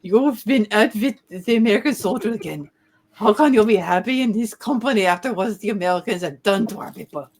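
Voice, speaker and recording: A woman's voice: mid-range voice, lively intonation, brisk, husky. A woman voicing a bitter German woman who scolds in a reproachful comic-book reading.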